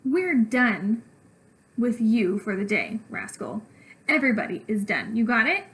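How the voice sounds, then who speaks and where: A woman doing an exasperated yelling dad. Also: on the high side, sing-song, measured pace, poor audio. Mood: scolding. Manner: loud, scolding. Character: exasperated dad scolding a child.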